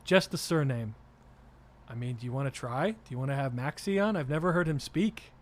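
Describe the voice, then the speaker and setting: A man's voice: medium pitch, lively intonation, fairly quick. A man co-hosting a casual podcast while playing a game, joking around and slipping into silly voices for bits. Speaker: podcast co-host. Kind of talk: casual chat while gaming.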